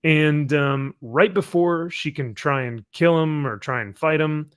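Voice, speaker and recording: A man's voice: fairly high pitch, a little slow, smooth. A man hosting a casual live comic review chat, recapping books with sarcastic asides. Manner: sarcastic, reads comic dialogue aloud mockingly. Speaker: comic review show host.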